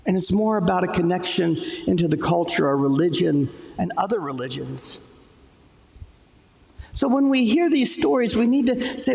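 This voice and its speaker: A man's voice: high voice, animated, normal speed, gravelly, darkish tone. A man preaching a sermon in a church, talking in a loose conversational way and joking with the congregation. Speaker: pastor. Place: church sanctuary. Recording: echoey hall, live church stream. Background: church hall reverb.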